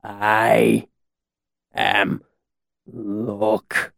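A man voicing a befuddled male mercenary who speaks haltingly in a slow, thick voice. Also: medium pitch, sing-song, creaky, a bit bright, no echo, clean studio sound, exaggerated voice. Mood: dazed.

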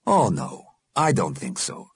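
A man voicing a kind, calm elderly male ghost who speaks gently and reassuringly. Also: sits low, a little slow, breathy edge, dry recording, clean studio sound, full character voice. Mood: gentle.

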